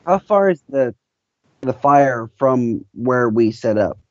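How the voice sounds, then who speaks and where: Animated, swearing tabletop player. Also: medium pitch, slow pace. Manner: excitable, swears a lot. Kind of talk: casual banter. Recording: dry, muffled lo-fi audio.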